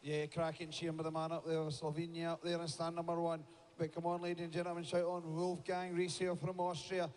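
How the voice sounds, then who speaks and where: A man's voice: a little high, completely flat delivery, fairly quick, a little mellow, slight background noise. A man commentating live at a shearing contest, rallying the crowd and chatting with his co-host. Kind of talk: live sports commentary over a PA.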